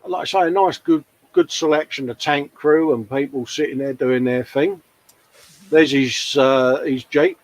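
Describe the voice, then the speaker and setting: A man's voice: medium pitch, measured pace, rough recording. Friendly male host, easygoing chat, leans on "mate" and tag questions. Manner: chatty, matey, full of tag questions. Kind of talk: casual live-stream chat.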